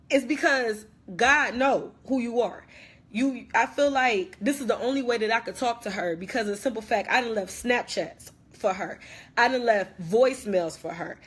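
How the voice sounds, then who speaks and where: A woman's voice: on the low side, a bit bright. A young woman playing a dramatic ex-best friend who rambles through a slangy, repetitive rant on a phone livestream. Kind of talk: comedic social media live rant.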